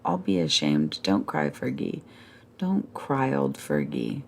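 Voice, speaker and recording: A woman voicing a gentle young woman who softly comforts a crying friend. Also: very animated, slow, gravelly, slight background noise, heavily acted. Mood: soothing. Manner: soft, soothing, low.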